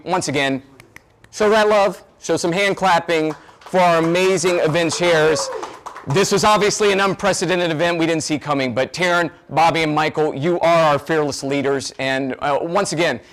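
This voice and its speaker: Guy hosting an online fundraiser, slightly high voice, gushing thanks. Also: fairly bright tone. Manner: effusive, thanking people. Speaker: event host. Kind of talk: virtual event hosting.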